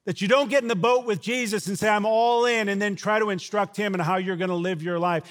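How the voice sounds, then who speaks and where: A man preaching a sermon who shouts out quoted lines and then drops to a low, quiet delivery. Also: quick pace. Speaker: pastor.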